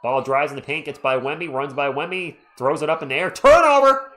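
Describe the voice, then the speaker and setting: A man's voice: mid-range voice, steady tone, fast, fairly bright tone. A man hosting a live stream, giving casual fan play-by-play of a basketball game and chatting with viewers between plays.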